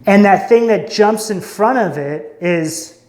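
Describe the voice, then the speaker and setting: A man gives an intuitive tarot reading, musing and searching aloud and often stopping mid-sentence. His high voice is slow and somewhat dark, with a roomy echo around it.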